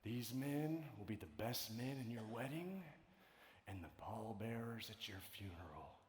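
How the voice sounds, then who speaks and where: A man voicing a cool older fraternity man who speaks slowly and solemnly in a deep, hushed voice. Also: lively intonation. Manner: slow, low, hushed. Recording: echoey large hall.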